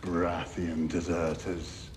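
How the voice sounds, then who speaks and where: A gruff, scornful fighter speaks in a very low voice. Faint ambience runs behind him. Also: male voice, level tone, slow pace, darkish tone, a little hiss or hum.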